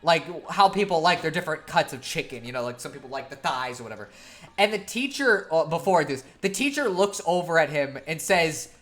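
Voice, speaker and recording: A woman's voice: lowish voice, lively intonation, a little fast, a bit bright. A woman streamer telling a long story in a casual, profane, laughing way.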